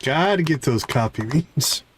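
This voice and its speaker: A man's voice: fairly high pitch, measured pace, slight background noise, poor audio. A man with a Midwestern American accent, casually commenting on his farming game during a live stream. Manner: relaxed, chatty, talking to chat while playing. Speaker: gaming streamer.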